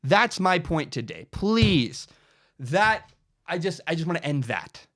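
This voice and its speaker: Impassioned young man with a lively voice. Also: on the high side, slow. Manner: animated, impassioned, repeats himself. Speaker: podcast host giving his opinion. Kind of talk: opinion monologue.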